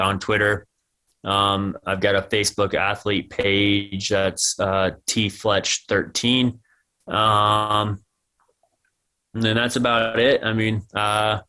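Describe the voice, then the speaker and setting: A man's voice: fairly low pitch, little pitch movement, takes it slowly, sharp tone, clean tone. An American man in his thirties, a guest athlete giving thoughtful answers in a casual podcast interview. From United States.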